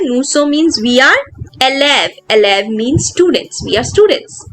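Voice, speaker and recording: High-voiced woman teaching a lesson. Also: animated, a bit bright, soft background music, low-quality recording. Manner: patient, slows down to pronounce words. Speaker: French teacher. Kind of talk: explaining a textbook lesson.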